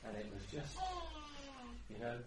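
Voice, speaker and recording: A middle-aged man preaching a sermon, moving between quiet personal storytelling and loud, fervent exhortation. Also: lowish voice, unhurried, a loud crowd. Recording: echoey room, heard from a distance, background noise.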